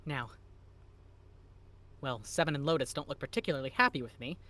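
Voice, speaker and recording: A man's voice: medium pitch, a little fast, sharp tone, close to an everyday voice. A man voicing a brash young man in a game, reading the lines aloud with a sarcastic edge.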